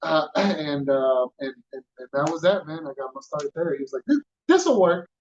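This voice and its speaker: Man from Houston, fairly high voice, animated storyteller, slightly muffled sound. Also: normal speed. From Houston, Texas. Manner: animated storyteller, acts out quoted voices, street slang. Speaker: podcast guest. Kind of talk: casual storytelling.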